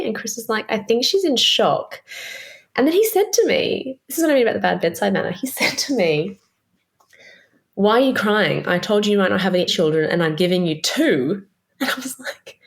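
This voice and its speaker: Candid Australian woman telling her story. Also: on the low side. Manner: candid, expressive, swears casually, acts out quoted voices. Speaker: podcast host. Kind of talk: personal storytelling.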